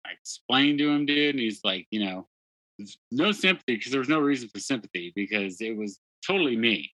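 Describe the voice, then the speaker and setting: A man's voice: mid-range voice, lively intonation, normal speed, sharp tone, no echo, rough recording. A man, a podcast guest, telling a candid story with blunt, profane, self-deprecating talk and lots of "dude" and "like". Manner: frequent "dude" and "like" fillers.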